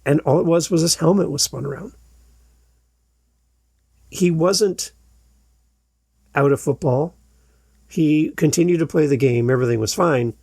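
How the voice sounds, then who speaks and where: Podcast host, male, gravelly and husky, higher-pitched, animated storyteller, dry close mic. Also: a little slow, pauses often, no echo. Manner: animated storyteller, acts out quoted shouts. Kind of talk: storytelling monologue.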